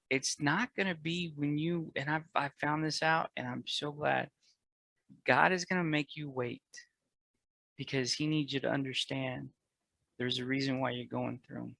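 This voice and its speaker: Earnest man with a gravelly voice. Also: fairly high pitch, no room sound, low-quality recording. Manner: earnest, emotional, grows loud and fervent about faith. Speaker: podcast guest. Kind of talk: candid personal conversation.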